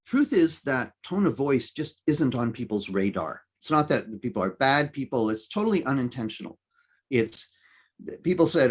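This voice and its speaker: A man giving a presentation talk, emphatic and lively, with many fillers and self-corrections. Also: mid-range voice, normal speed, husky. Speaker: conference speaker.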